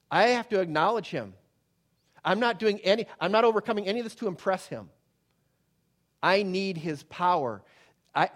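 Middle-aged pastor guy preaching, kinda high voice, gets loud then goes real soft. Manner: dynamic preaching, swinging from loud emphatic to hushed and soft. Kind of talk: sermon.

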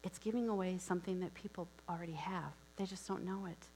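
A woman's voice: fairly low pitch, fairly even intonation, fast talker, a little mellow, a little hiss or hum, low-quality recording. A woman from Wisconsin giving a sermon, telling a story conversationally with asides and questions to listeners. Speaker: preacher.

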